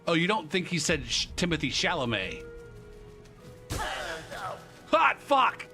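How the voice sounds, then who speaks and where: Excitable swearing gamer man, lively voice. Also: a little high, a little fast. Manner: excitable, swears a lot, talks to himself. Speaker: streamer. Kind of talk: live gameplay commentary. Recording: game music clearly behind voice.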